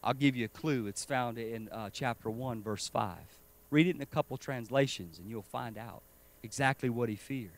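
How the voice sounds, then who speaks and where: Urgent preacher, man, slightly high voice. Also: dry recording. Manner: urgent and emphatic, rising and falling in loudness. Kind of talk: sermon.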